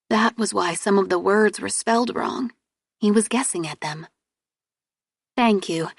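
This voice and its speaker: A woman's voice: medium pitch, vocal fry, no room sound. Woman narrating a novel, dry and close. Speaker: audiobook narrator. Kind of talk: first-person novel narration.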